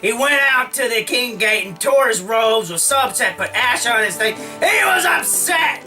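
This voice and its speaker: A man's voice: very high voice, moderate pace, pushed and bright, recorded from a distance, soft background music, poor audio. A man casually retelling an old story in a slangy, comic way, often acting out the characters' lines. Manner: slangy, full of "like", acts out lines.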